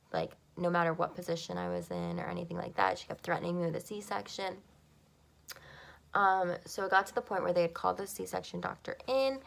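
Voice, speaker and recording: Young woman vlogging her story, kinda low voice, super creaky fry, lots of likes and ums, emotional. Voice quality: gravelly creak. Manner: emotional, frequent "like" and "um" fillers. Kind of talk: personal storytelling to camera.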